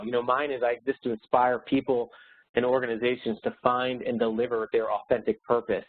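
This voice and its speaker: A man's voice: mid-range voice, breathy edge. A man in his thirties giving a motivational webinar talk, earnest and upbeat, coaching his listeners with anecdotes. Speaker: webinar speaker. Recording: phone-like narrow sound.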